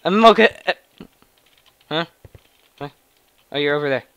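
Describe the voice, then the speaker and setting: A young man giving excited, shouting gameplay commentary with a gravelly voice. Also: on the high side, moderate pace, slight background noise. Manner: shouting, laughing, hyper reactions. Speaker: gaming channel host.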